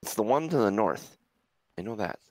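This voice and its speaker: A man narrating a tabletop game as game master, halting and searching for words. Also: fairly low pitch, big pitch swings, a little mellow, no echo.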